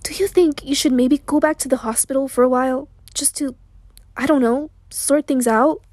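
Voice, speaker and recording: A tired, gentle man speaks slowly and softly, patient under his worry, voiced by a woman reading an audiobook. The voice is hoarse and mellow, a little higher than usual, and the recording is dry and close. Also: fairly even intonation, dry recording, close to an everyday voice. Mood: worried.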